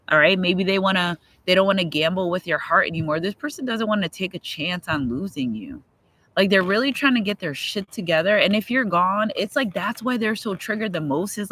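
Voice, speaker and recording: A man's voice: high-pitched, sharp tone, no echo, low-quality recording. A man doing a casual livestream tarot reading outdoors. He is chatty and repetitive, and he gets emotional as he talks. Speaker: tarot reader. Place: outdoors near trees and a road.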